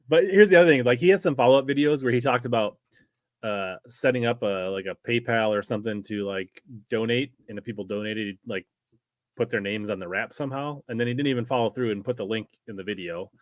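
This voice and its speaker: A man's voice: medium pitch, a little fast, no room sound. A man with a mid-range voice hosts a casual chat, speaking easygoingly and leaning on fillers. His tone stays critical, and the recording is dry and close. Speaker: channel host.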